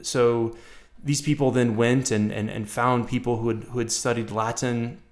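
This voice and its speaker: A man who is a Latin professor, answering interview questions in a casual, halting way, often repeating words and restarting. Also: mid-range voice, fairly even intonation.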